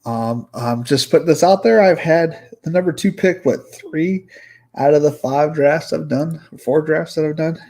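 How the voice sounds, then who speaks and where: A man's voice: a little high, unhurried, warm tone, rough recording. A man streaming fantasy sports drafts, out of breath, thinking aloud in loose, profane, muttered asides. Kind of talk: casual livestream commentary.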